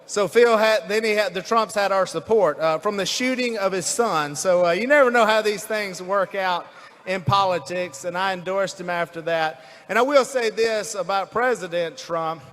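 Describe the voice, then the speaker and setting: This rally speaker, a man from North Louisiana with a Southern accent, talks at a moderate pace in a high, fairly bright voice. His speech to the crowd in the large indoor hall is folksy and rambling, with fillers and false starts.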